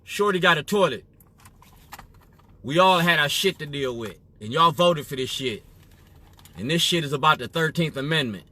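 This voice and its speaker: A man's voice: on the high side, expressive, normal speed, sharp tone. A man from Illinois speaking straight to camera in an emphatic monologue. He keeps asking "you feel me?". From Waukegan area, Illinois, US. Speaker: activist.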